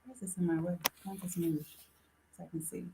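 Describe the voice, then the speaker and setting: A woman's voice: lowish voice, flat delivery, quick pace, creaky, background noise. A woman hosting a casual live stream, talking straight to her viewers and calling them folks. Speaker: livestream host.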